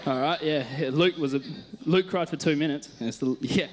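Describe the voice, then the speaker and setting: Australian man, youth worker, laid-back storytelling sermon, self-mocking, laughs a lot, light higher voice. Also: fairly quick, slight background noise. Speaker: youth worker giving a church talk. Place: church stage.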